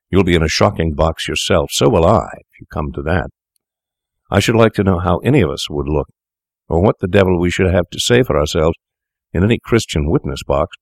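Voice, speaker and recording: Storybook: unscrupulous young doctor, cool and dismissive, read by a deep-voiced male narrator; dry sound. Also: dry recording.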